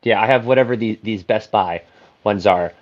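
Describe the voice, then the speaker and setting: A man's voice: on the low side, moderate pace. A man co-hosting a casual podcast over phone earbuds, talking loosely with plenty of fillers. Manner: loose, filler-heavy talk. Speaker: podcast co-host. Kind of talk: casual chat. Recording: dull phone-earbud audio.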